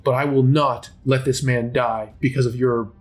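A righteous male healer adventurer in a tabletop game, as a man voices him, speaking with impassioned conviction. His voice sits at an ordinary middle pitch. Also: fairly even intonation, normal speed, natural voice. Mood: defiant.

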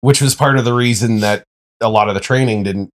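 A man's voice: lowish voice, fairly quick. Man co-hosting a casual podcast. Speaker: podcast co-host. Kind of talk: casual chat.

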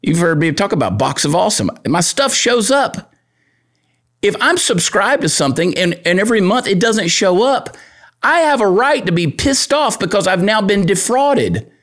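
A man's voice: sits high, sing-song, moderate pace, a bit bright. A man hosting an opinion talk show and ranting in a crude, joking, worked-up way. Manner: riled-up, crude, joking rant. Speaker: podcast host and comedian.

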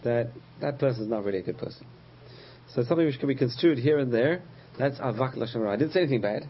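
A man teaching a religious lesson, patiently explaining terms, repeating key words and pausing with frequent uh's. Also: medium pitch, animated, husky, lo-fi sound. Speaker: Torah teacher.

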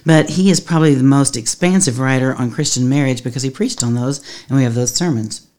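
A woman's voice: rumbling low, darkish tone. Earnest woman pastor podcasting. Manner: earnest, conversational, laughs often. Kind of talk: teaching podcast monologue.

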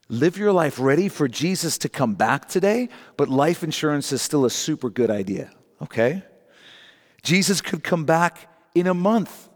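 A middle-aged man preaching a sermon, emphatic and rising in pitch on key points, slowing down to read scripture aloud. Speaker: pastor. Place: church sanctuary. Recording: long hall reverb.

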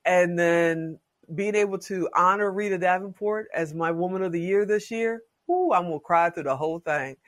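A woman in her late fifties, a podcast guest talking in a casual interview as an expressive, folksy storyteller. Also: fairly low pitch, moderate pace, hardly any pauses. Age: 50s.

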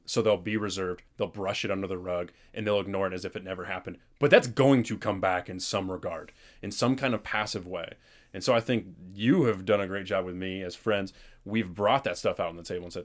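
A man's voice: low voice, steady tone, fairly quick. A young man co-hosting a podcast, chatting casually and reflectively with a friend. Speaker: podcast co-host. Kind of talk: casual chat.

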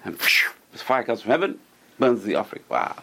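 A man's voice: lowish voice, sing-song, moderate pace, sharp tone, husky. A man teaching a Torah class to a small group, telling stories with animation and putting questions to his listeners.

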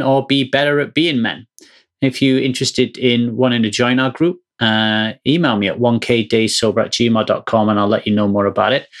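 A middle-aged man from the United Kingdom hosts his own podcast in a loose solo monologue. He speaks at a mid pitch with emphatic energy, and he often restarts his sentences and fills the gaps with fillers. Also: a bit bright. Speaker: podcast host and coach.

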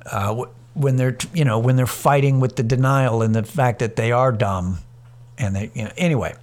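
A man in the middle of a comic story, loose and profane, with lots of restarts. He jumps into quoted voices for himself and the other guy and sits at an ordinary pitch for a man. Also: moderate pace. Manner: animated, acts out both sides of a quarrel in quoted voices; casual and profane, many restarts and fillers. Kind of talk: storytelling comedy monologue.

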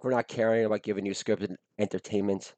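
Man, podcast host, hoarse blown-out voice, fairly low, crude comedic rant, bursts of shouting, dry close sound. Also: steady tone, quick pace, no room sound. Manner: ranting, with sudden shouted catchphrases.

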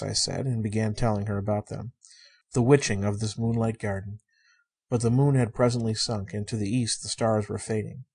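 A man reading a story aloud in the first person, in a measured, emotive way. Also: on the low side, steady tone, a little mellow, slightly rough. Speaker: audiobook narrator.

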